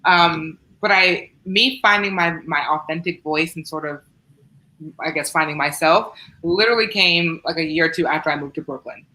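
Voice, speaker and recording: A woman from Southern Ohio answers interview questions in a steady, fairly monotone way. Her voice sits very low but has a bright, forceful edge. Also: normal speed, low-quality recording. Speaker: writer, panelist. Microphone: video call.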